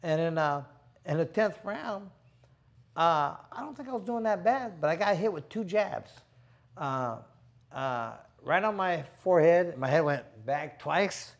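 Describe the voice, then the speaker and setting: A middle-aged man, a boxer hosting a show, telling stories in a casual, animated, slangy way and acting out what people said. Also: on the high side, a little slow, vocal fry. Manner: animated, slangy, acts out quotes. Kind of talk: casual storytelling chat.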